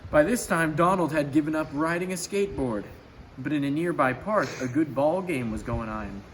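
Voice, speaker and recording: Man reading a storybook aloud at home, casual and slightly high, small slips, noisy background. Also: animated, normal speed, fairly bright tone. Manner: plain, chatty, with small stumbles. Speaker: storybook reader.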